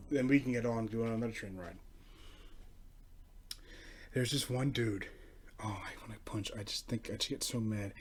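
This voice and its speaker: A twenty-year-old man ranting through a story in a casual, profane, exasperated way. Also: medium pitch. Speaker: host.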